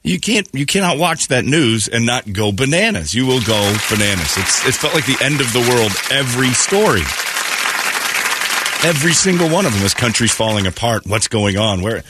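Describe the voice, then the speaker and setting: A man's voice: medium pitch, lively intonation, moderate pace, a loud crowd, very noisy. A man hosting a morning radio show, chatting casually and slipping into mocking quoted voices.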